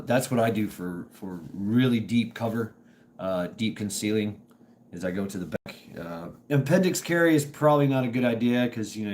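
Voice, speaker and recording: Hoarse middle-aged man hosting a live stream. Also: medium pitch, darkish tone. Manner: rambling, halting, greets chat viewers by name. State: strained voice from dusty work. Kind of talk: casual live stream chat.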